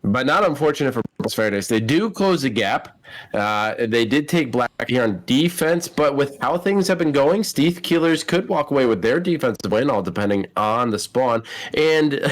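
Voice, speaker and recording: A man's voice: mid-range voice, lively intonation, normal speed. A man giving casual esports commentary, joking around and laughing often.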